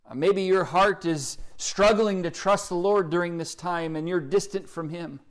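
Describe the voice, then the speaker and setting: A man with an Oklahoma accent delivers a sermon in a fairly high voice. He speaks earnestly, pleading with his listeners and reading scripture aloud. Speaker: pastor.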